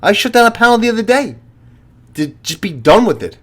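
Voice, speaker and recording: A man's voice: sits high, sing-song, a little fast. A retired police officer in his fifties, a channel host talking to viewers in a blunt, profane, lecturing monologue.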